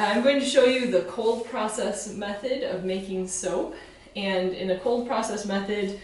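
A woman walks through a home demonstration in a relaxed, explanatory way, pausing on fillers and restarting phrases. Her voice sits a little off the mic in a strongly echoing kitchen. Faint room noise hangs underneath. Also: mid-range voice, distant mic. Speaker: soap-making instructor. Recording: very echoey room, voice from away from the mic.

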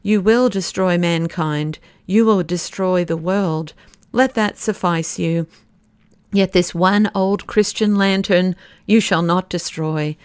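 A woman's voice: lowish voice, slow, smooth, no echo. Woman voicing Syme, a fierce young man. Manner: declaiming, impassioned. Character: fierce young male poet-detective.

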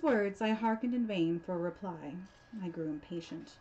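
A woman on the library staff giving a measured, theatrical reading of a horror tale. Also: on the low side, mellow. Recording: dull lo-fi recording.

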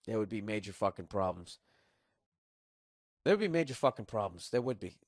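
A man's voice: lowish voice, very animated, a little fast, long pauses, dry recording, studio quality. A middle-aged man with a Boston accent, hosting a podcast and ranting sarcastically with lots of swearing. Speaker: podcast host. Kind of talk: casual comedic monologue.

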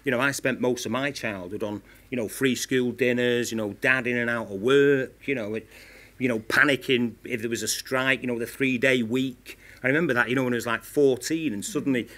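A man in his fifties with a Manchester accent, a former TV presenter telling candid stories at a live Q&A, talking quickly and full of "you know" and restarts. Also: mid-range voice, steady tone, fairly bright tone. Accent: Northern English, Manchester. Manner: rapid, repeats 'you know' often, restarts. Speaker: former TV presenter, panel guest. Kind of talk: candid anecdotal talk at a live Q&A. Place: stage at a live film-institute Q&A event.

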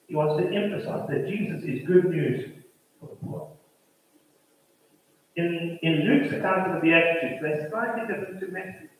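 A man preaching a sermon as pastor, building his points through rhythmic repetition, recorded from a distance in a church. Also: sits high. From South Africa. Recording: roomy church hall from a distant mic.

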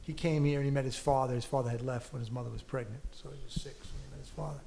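A man's voice: mid-range voice, steady tone, very fast, mellow, a little hiss or hum. A man from the United States, a film director and actor, talking animatedly as a guest in an onstage conversation, full of "you know" and laughter.

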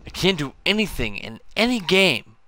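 A drunk man streaming a game, talking slowly and irritably, swearing all the time as he comments on play. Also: sits high, very animated, pushed and bright, soft background music. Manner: slow, slurred, irritable, swearing constantly. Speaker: gaming streamer. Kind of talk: profane drunk gameplay commentary.

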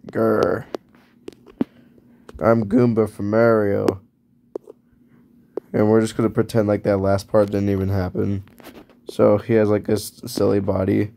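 A man narrates casually as he draws, rambling and correcting himself in an offhand way. His voice is low and gravelly, with a dark, mellow tone. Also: slight background noise. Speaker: video creator. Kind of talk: casual narration while drawing.

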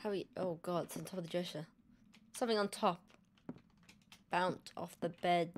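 A woman's voice: on the low side, fairly even intonation, normal speed, a little hiss or hum. A young woman playing a horror game and commenting in a joking, self-mocking way. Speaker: gamer. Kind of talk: let's play commentary.

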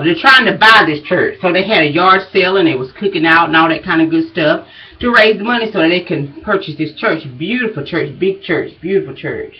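Woman, out of breath, folksy vlog chat, muffled distant sound. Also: lowish voice. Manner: chatty, folksy, drawling asides. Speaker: vlogger. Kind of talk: casual chat to viewers. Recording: dull, distant home recording.

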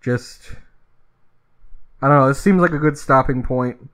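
A man's voice: mid-range voice, unhurried, a bit bright, rough recording. Male game-video host, easygoing and offhand, plain mid voice. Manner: casual, offhand, self-deprecating. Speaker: let's-play host. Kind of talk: casual game commentary.

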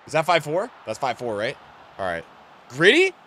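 A young man commentating his own football video game on a stream, with a sore throat, grumbling low and then bursting out loud and swearing. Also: brisk, slight background noise. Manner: swings from flat grumbling to loud outbursts, swears a lot. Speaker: gaming streamer. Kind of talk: live gameplay commentary.

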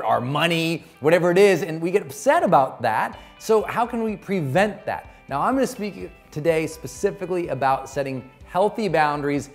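A middle-aged man giving an emphatic motivational talk as a personal growth coach, repeating his key points. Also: a little high.

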